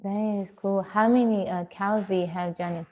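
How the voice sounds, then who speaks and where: A woman's voice: medium pitch, fairly even intonation, moderate pace, dull audio. A woman livestreaming from her home, chatting casually and answering viewer comments one by one. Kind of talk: casual live-stream chat reading comments.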